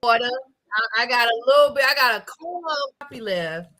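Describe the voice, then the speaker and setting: A woman hosting a casual chat show, talking loudly and emphatically with lots of laughter. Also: a little high, animated, moderate pace, soft background music. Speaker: host.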